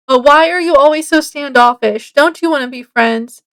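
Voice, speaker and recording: A woman's voice: sits high, a bit bright, no echo. A woman reading aloud the lines of a pushy, prickly schoolgirl, in her own voice. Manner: read aloud haltingly.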